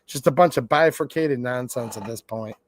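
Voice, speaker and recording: A man who hosts a gun channel rants bluntly and sarcastically at his viewers in a livestream monologue. His voice sits in the mid range and moves a little fast.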